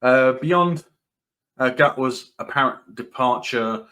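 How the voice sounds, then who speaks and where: A man's voice: mid-range voice, takes it slowly, pushed and bright. A man hosting his own commentary channel, rambling through news excerpts with many fillers and restarts, dismissive and repeating points for emphasis. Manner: rambling, with frequent fillers, restarts and dry laughs. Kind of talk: casual opinion commentary, reading news excerpts.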